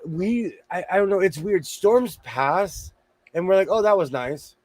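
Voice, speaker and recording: Hoarse guy chatting loud and lively, voice kinda shot, dry close sound. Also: high voice, a little slow, dry recording. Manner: loud, animated storyteller. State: hoarse, losing his voice. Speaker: host. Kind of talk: casual chat. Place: home sewing room.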